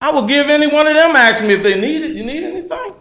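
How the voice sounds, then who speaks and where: A man's voice: very high voice, fast, bright, forceful tone. A man appealing before a city board, insistent and argumentative, repeating himself as he testifies. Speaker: appellant at a board hearing. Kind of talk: heated testimony. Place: city council chamber. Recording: echoey council chamber.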